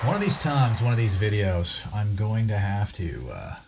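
A man's voice: lowish voice, big pitch swings, moderate pace, very noisy. A man hosting a gaming channel, casually commenting as he opens card packs, with a wry, self-deprecating way of thinking aloud. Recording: voice over loud background music.

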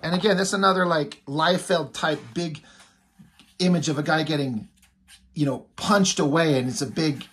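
A man's voice: a little high, normal speed, a bit bright, slightly rough. A man casually recapping a comic book as a reviewer, rambling with lots of fillers.

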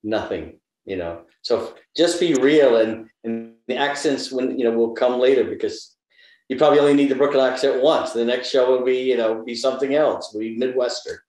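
In a reflective, conversational interview with a roomy echo, an American actor in his seventies shares stories and advice thoughtfully. He speaks briskly at medium pitch with a darkish tone.

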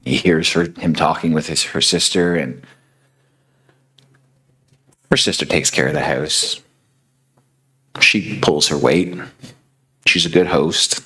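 Male preacher, young, deep husky voice, slow conversational storytelling. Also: pushed and bright. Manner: conversational, many fillers like "you know". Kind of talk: storytelling sermon.

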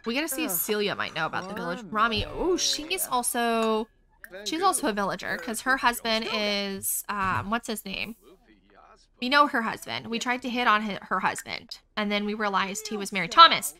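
A woman hosting a gaming video, talking through her play in a chatty, excitable way as she thinks aloud to viewers. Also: medium pitch, moderate pace. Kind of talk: casual let's-play commentary.

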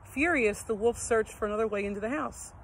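A woman's voice: fairly high pitch, a little fast, slight background noise, rough recording. Woman reading a children's story aloud.

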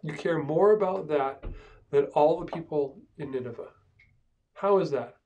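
A man's voice: a little high, a little slow, warm tone, muffled recording. A man voicing a sulking, frustrated male prophet in a whiny, complaining way, recorded from a distance. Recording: speaker far from the mic.

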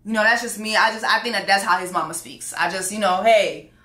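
A woman's voice: medium pitch, brisk, pushed and bright, echoey room. A woman hosting a casual reality show review, talking bluntly and profanely with emphatic repetition. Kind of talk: casual commentary.

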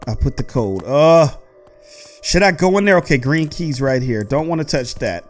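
A man giving excited gameplay commentary as host, talking to his viewers and yelping and shouting when something chases him. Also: mid-range voice, normal speed, soft background music. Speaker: gaming host.

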